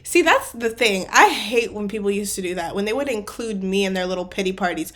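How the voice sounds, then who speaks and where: A woman's voice: medium pitch, very animated, a little fast, hardly any pauses, a bit bright. Woman, movie reaction host, casual commentary, chatty, laughs a lot, lots of fillers. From not British.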